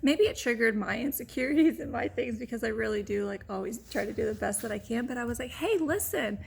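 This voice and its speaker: A woman with a fairly high voice and plenty of gravelly fry in it, speaking candidly to the camera as a vlogger. She tells a personal story in an open, rambling way, leaning on "like" and "you know" as she goes. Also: steady tone, fast talker.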